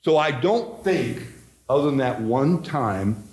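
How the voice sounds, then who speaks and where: A middle-aged man, a pastor teaching Bible study in a folksy, animated way, acting out quotes. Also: medium pitch, slow pace.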